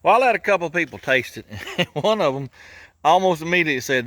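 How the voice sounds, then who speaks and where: Folksy garage host, fairly high and lively voice, chuckles as he tinkers. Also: quick pace. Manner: folksy, chuckling, grumbles about engineers. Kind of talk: casual workshop narration.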